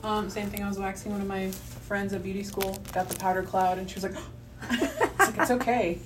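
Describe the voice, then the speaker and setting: A woman esthetician joining a casual chat with quiet, low-key replies. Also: brisk. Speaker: esthetician co-host. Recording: distant mic with background noise.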